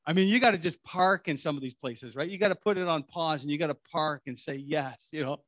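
A man's voice: a little high, a little fast, a bit bright, no echo, studio quality. A middle-aged man preaching a sermon in a rambling, conversational way, full of restarts and asides. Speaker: pastor.

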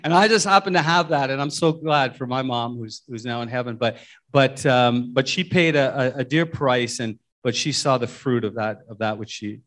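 A man's voice: medium pitch, normal speed, a bit bright. A middle-aged man preaching a sermon as pastor, folksy and storytelling, often repeating words and restarting his sentences.

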